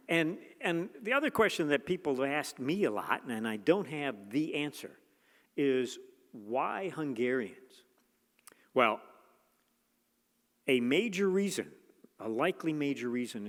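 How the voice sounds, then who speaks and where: A man giving a museum gallery talk to an audience, enthusiastic and exclamatory, with many fillers and restarts. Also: mid-range voice. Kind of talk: lecture to an audience. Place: museum lecture hall. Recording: long hall reverb.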